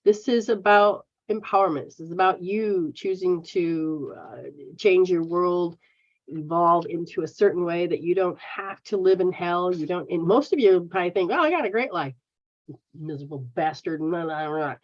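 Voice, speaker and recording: A woman's voice: lowish voice, fairly even intonation, normal speed, darkish tone. An American woman hosting a live stream as a spiritual healer, talking bluntly and casually and swearing freely as she answers viewers. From United States. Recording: dull lo-fi stream audio.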